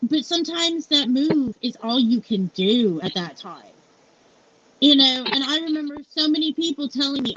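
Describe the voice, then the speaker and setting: High-voiced blunt woman in her forties. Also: lively intonation, moderate pace, a bit bright, slight background noise. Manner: blunt and frank, swears freely, peppered with "you know". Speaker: founder and CEO, interview guest. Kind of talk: candid personal storytelling in a live interview. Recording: muffled lo-fi live stream audio.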